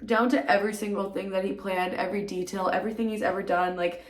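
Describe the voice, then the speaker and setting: A woman's voice: mid-range voice, fairly even intonation, fast. Gushing young woman vlogger, roomy echo. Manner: gushing, emotional, heavy use of "like" and "literally". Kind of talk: casual story time to camera.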